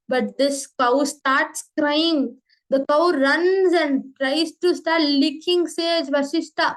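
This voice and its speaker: A woman teaching children, telling a story in a slow, clear and expressive way. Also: high voice, poor audio.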